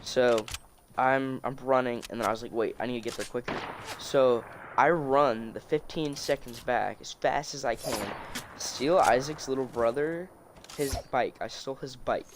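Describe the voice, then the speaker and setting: A young man tells a story casually into his phone, rambling and restarting his sentences as he goes. His voice sits at an ordinary pitch for a man. Clear clicking noises run under the recording. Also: unhurried, noisy background. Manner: rambling, many restarts and fillers. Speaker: storytelling vlogger. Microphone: phone screen recording.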